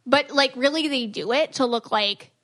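Animated woman chatting on a podcast. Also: high voice, moderate pace. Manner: animated, acts out quoted voices, many fillers. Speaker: podcast co-host. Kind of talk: casual chat.

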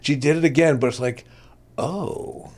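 A man in his sixties telling long anecdotes in a casual chat, jumping into higher voices when he quotes people. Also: unhurried. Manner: animated anecdotes with bursts of high-pitched quoted voices. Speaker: guest.

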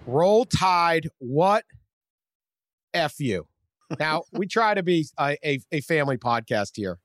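A man hosting a casual sports podcast, animated and laughing often. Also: on the high side, slow pace, no echo. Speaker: podcast host.

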